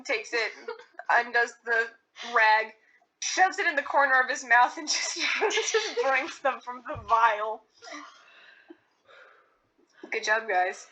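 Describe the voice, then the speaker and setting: A woman's voice: on the high side, measured pace, pushed and bright, low-quality recording. A woman narrating a tabletop game as game master, repeating words as she describes scenes.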